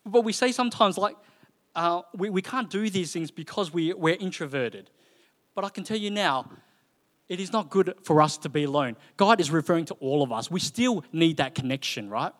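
A man preaching to his congregation in a loose, storytelling way, full of "you know" and "right?". His voice sits a little high for a man. The sound carries a long reverb from the church hall around him. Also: normal speed. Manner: conversational, animated storytelling with frequent fillers. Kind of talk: sermon.

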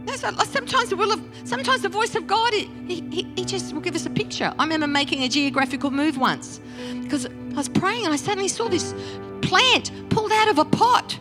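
A woman pastor preaching a sermon in a church, animated and talking straight to the congregation. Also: extremely high pitch, a little fast, over music. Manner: animated, interactive preaching with acted-out quotes. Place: church service.

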